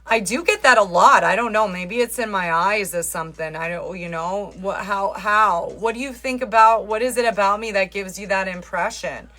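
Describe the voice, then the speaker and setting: A woman's voice: medium pitch, normal speed, few pauses, sharp tone. A woman hosting a live stream on her phone, chatting with viewers in a teasing, talkative way and answering their comments as they come in. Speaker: livestream host. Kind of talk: casual livestream chat.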